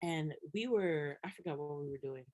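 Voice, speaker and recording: Animated young woman ranting with laughs. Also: low voice, moderate pace. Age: young adult. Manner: animated, laughs often, emphatic rants. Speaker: podcast co-host. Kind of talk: casual chat.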